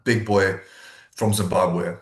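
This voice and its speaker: Brief: South African guy, low voice, straight-talking, swears, roomy echo. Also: fairly even intonation, slow pace. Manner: blunt, swears freely, acts out quoted friends. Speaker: podcast co-host. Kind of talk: casual podcast chat. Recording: echoey room.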